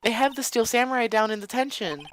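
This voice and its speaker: A man voicing an excitable young female sidekick in a shrill, squealing falsetto as he reads game dialogue aloud. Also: fast talker, slight background noise. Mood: excited.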